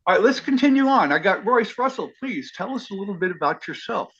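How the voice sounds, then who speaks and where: A man hosts an online study class, his voice bright and a little higher than most men's. He sounds eager and effusive, and he slows down to spell things out. The video-call audio is muffled. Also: expressive, breathy edge. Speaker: class leader.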